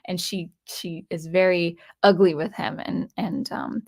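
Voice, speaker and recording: A woman's voice: on the low side, a little slow, creaky, a little mellow. A woman giving a casual, unscripted comic book review, retelling the plot in a chatty way with frequent restarts.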